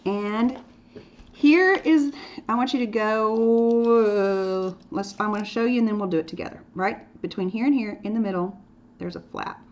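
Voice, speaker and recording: A woman's voice: medium pitch, normal speed, darkish tone. A woman teaching a drawing lesson in a playful, chatty way, dropping into whispered asides as she demonstrates. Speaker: art teacher. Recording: dull lo-fi sound with faint noise.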